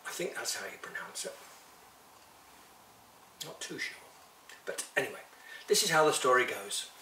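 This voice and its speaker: A man reading a children's story aloud in a lively, expressive way, talking to a few listeners by name. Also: mid-range voice, moderate pace, slight background noise.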